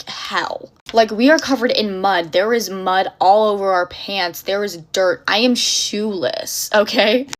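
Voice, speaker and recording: A young woman casually telling a dramatic story in an animated, breathless way, full of fillers. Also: medium pitch.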